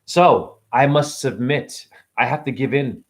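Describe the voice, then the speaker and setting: A middle-aged man vlogging in a casual, ranting monologue, jumping between loud outbursts and quiet asides. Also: medium pitch, unhurried. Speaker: vlogger and spiritual teacher.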